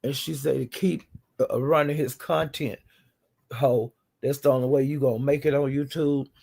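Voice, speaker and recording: A man's voice: mid-range voice, fairly even intonation, moderate pace, vocal fry, darkish tone. A man hosting a casual chat, bluntly retelling online drama in a chatty, gossiping way. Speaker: host recapping livestream drama.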